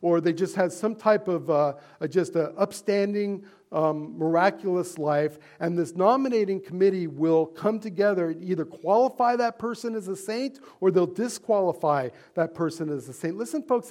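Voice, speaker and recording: High-pitched guy preaching, chatty and earnest, lots of ums and questions to the crowd. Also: normal speed, few pauses, darkish tone. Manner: earnest, conversational preaching with fillers and rhetorical questions. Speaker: pastor. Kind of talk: sermon.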